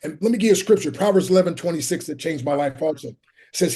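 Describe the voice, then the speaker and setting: Middle-aged male guest, preacher-style cadence, slightly high voice with a husky edge. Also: lively intonation, fast, warm tone. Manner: fervent, quotes scripture, calls the host "my friend". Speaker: guest, motivational speaker. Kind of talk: preaching-style interview talk.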